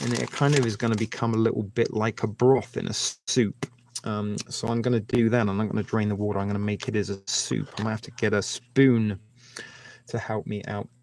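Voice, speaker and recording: A man's voice: fairly low pitch, gravelly, darkish tone, slight background noise. A man hosting a casual live stream, rambling and chatting with viewers by name.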